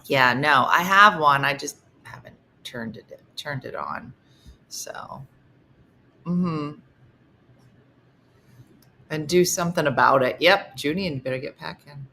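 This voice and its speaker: Middle-aged woman host, low bright voice, chatty and loose, reads comments aloud. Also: takes it slowly, long pauses, a little hiss or hum. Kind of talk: casual livestream chat.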